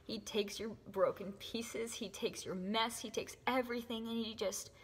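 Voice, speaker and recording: Emotional breathy young woman, soft whispers. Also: fairly high pitch, steady tone, normal speed. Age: young adult. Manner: earnest, emotional, often drops to a soft whisper. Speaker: faith vlogger. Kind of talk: heartfelt testimony to camera. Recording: echoey room with long reverb.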